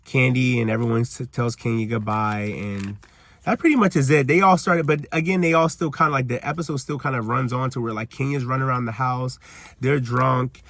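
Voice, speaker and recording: A man's voice: medium pitch, fairly quick, a bit bright, no room sound. A man giving a casual, rambling recap of a TV episode outdoors, leaning heavily on "like" and "you know" as he talks to his viewers. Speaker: TV recap vlogger. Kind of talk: casual reality-TV recap rant. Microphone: camera he is holding or propping up.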